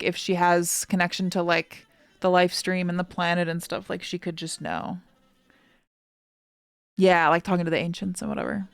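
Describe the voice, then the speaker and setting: A woman streamer reacting to a game on a live stream, chatting casually and gushing excitedly, her talk full of "like" fillers. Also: fairly low pitch, dry recording.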